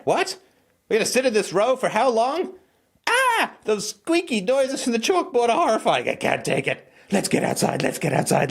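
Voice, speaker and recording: Whiny little kid, high and sing-song, swooping around, put on by a man. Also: gravelly, slightly rough, full character voice. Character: whiny bored young child.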